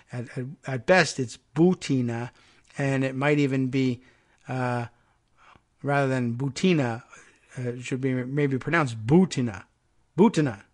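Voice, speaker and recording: A man's voice: mid-range voice, fairly bright tone. A man hosting a political talk show, reading news articles aloud with sardonic asides and many fillers. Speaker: political talk radio host.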